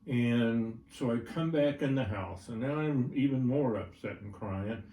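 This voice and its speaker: An older man who trains horses tells a personal story during an interview, his mid-range voice a little slow, creaky and mellow. He speaks in a folksy way, often checking in with his listener with "right?" and "all right?". The recording sounds roomy and distant, with faint ambience.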